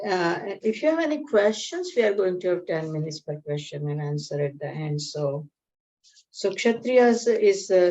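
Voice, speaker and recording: A woman's voice: medium pitch, darkish tone. A woman teaching a scripture study class in a conversational way, explaining Sanskrit terms and telling a joke. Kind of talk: spiritual lecture with a joke. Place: community class room. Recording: dull lo-fi lecture recording.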